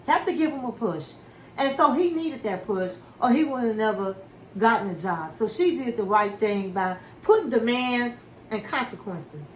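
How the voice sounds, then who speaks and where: A fairly high-voiced woman tells a recap story in casual chat, acting out what people said and calling her listeners honey. Her voice rings in a roomy, echoey space with faint ambient noise behind it. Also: moderate pace. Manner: animated storyteller who acts out quotes and calls listeners honey. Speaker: reality TV recap host.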